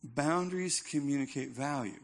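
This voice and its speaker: A man's voice: on the high side, moderate pace. A male pastor preaching a sermon in a conversational, emphatic style with touches of humor.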